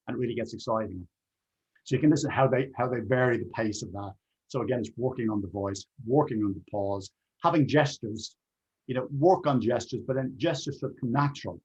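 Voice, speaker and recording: A man's voice: medium pitch, brisk, darkish tone, breathy edge, dull audio. A man being interviewed as a presentation skills trainer, answering in an earnest conversational way and repeating key words for emphasis.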